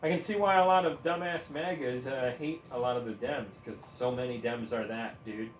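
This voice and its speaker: A man's voice: mid-range voice, fairly even intonation, moderate pace, slight background noise. A man ranting in heated, profane, sarcastic commentary while gaming, with bursts of laughter. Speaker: gaming streamer. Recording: roomy echo, faint ambience.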